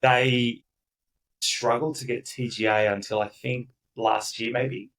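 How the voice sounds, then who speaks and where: A man's voice: mid-range voice, level tone, takes it slowly, fairly bright tone, recorded from a distance, rough recording. A man speaking as a company founder guest in a casual podcast interview, emphatic and enthusiastic, acting out the voices of the people he quotes.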